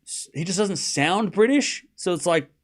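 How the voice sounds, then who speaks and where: With a high voice at normal speed, the Australian host of a live tennis stream casually mocks and rants. His delivery is animated and aimed right at chat.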